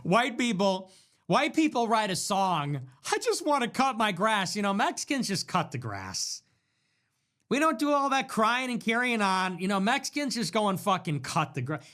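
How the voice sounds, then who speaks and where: A young man rants through a livestream monologue in a mocking, sarcastic tone, his pitch swinging widely as he slips into whiny impressions of others. His delivery is lively and theatrical. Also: normal speed. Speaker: livestream political commentator.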